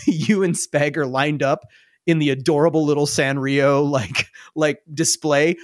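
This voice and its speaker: A woman's voice: sits low, no echo, clean studio sound. A woman narrating a tabletop game as game master, playful and laughing often.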